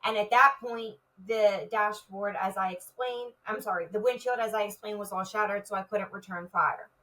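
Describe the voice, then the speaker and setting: A woman with a bright, forceful voice tells a personal story as a guest on an interview show. She speaks vividly, filling her sentences with "like." Her voice sits a little back from the microphone. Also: mid-range voice, normal speed, far from the mic, rough recording. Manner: vivid retelling with many "like" fillers. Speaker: retired police officer, guest.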